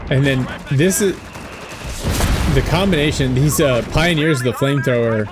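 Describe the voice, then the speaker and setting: A man's voice: medium pitch, normal speed. Chill guy casting a replay, lots of ums, battle noise going under him. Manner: relaxed, thinks aloud with fillers and self-mocking asides. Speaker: game caster. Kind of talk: casual esports commentary over a replay. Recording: game battle sounds with gunfire and artillery behind.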